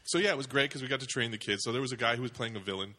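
A man on a podcast, telling an animated story in casual chat and laughing as he goes. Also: mid-range voice, very fast. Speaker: podcast co-host.

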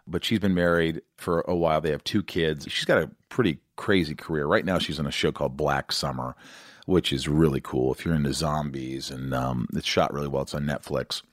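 Male podcast host, low-voiced, scattered and jokey, dry close mic. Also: steady tone, brisk, dry recording. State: out of breath. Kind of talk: casual interview chat.

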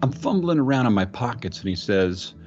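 A man doing an impression of a famous actor, retelling an eerie roadside encounter in the first person, with halting restarts and drawn-out dramatic phrases. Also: medium pitch, very animated, darkish tone, dull audio, faint music behind. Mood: spooked. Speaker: podcast host.

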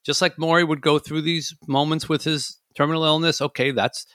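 A man's voice: on the high side, a little fast, dry recording, clean studio sound. A man hosting a casual talk show, chatting and acting out his own inner voice. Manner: animated, acts out his inner voice. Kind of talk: casual chat.

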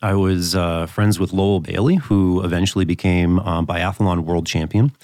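A man's voice: low voice, steady tone, normal speed, darkish tone, no room sound, studio quality. A man co-hosting a podcast, telling casual, self-deprecating anecdotes. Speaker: podcast co-host. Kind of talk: casual storytelling.

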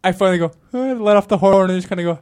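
A man tells rambling, animated anecdotes on a talk show and acts out every quote. He talks very quickly in a somewhat high voice. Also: clear, resonant tone. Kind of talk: casual storytelling chat.

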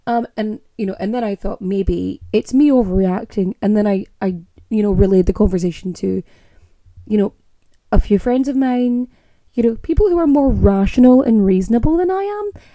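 A woman's voice: medium pitch, lively intonation, normal speed, dark tone, no echo. A young woman with a Scottish accent, hosting a podcast in a casual, opinionated monologue and rolling her R's. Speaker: podcast host.

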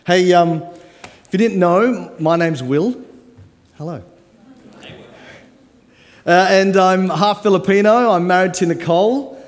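Speaking slowly with long pauses in a high voice, a guest pastor in his forties jokes and coaxes his listeners during a live sermon. The church auditorium's long hall reverb surrounds him.

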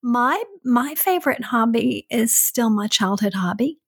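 An older woman chats gently with her grown son and laughs often. Her voice is husky and slightly higher than average, and she speaks slowly. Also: lively intonation. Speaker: parent. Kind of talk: casual chat.

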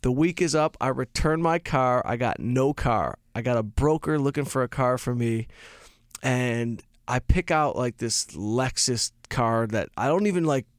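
A man's voice: mid-range voice, a little slow, no room sound, studio quality. A male comedian and podcast host telling rambling, self-mocking stories in casual chat, swearing freely. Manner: profane, rambling storyteller.

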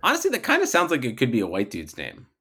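A man's voice: medium pitch, huge pitch swings, quick pace, bright, forceful tone, slightly rough. A man co-hosting a podcast, rambling and joking in casual banter. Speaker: podcast co-host.

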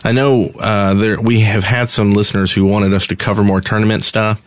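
A man talks in a fairly low voice on a relaxed gaming podcast. He keeps the show moving between segments in an easy, unhurried way. The recording is dry and close. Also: no room sound. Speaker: podcast co-host. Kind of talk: casual gaming podcast chat.

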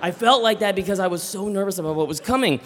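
A man telling a comic personal story live on stage, animated and acting out voices. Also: high-pitched, quick pace, long reverb tail. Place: theater stage.

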